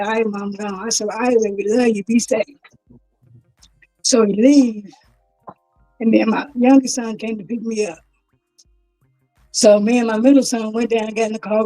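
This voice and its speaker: A woman's voice: a little high, warm tone, poor audio. A woman telling of her son's death in a plain, storytelling way, acting out what the police said to her. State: grieving, voice rising with distress. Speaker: guest, grieving mother. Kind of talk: personal testimony in an interview.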